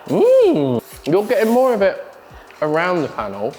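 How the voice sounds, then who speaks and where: A man's voice: high voice, very animated, normal speed, a little mellow, echoey room, faint music behind. A man co-presenting a car vlog as a guest, casual and dry, teasing his co-host. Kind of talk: casual banter.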